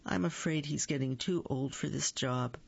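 A man's voice: mid-range voice, moderate pace, creaky, husky, dull audio. A man doing a fussing aunt groundhog.

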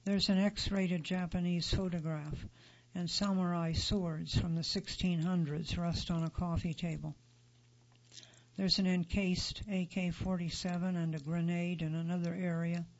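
A man narrating a magazine feature in a steady, neutral read-aloud delivery. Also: sits high, a little slow, muffled recording. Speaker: article narrator.

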